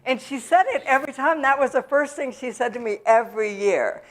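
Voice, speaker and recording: A woman speaking in a church, telling her own story to the audience in a halting way, with many pauses and fillers. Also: sits high, lively intonation. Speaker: guest speaker at a recovery event. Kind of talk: personal testimony to a church audience. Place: church sanctuary.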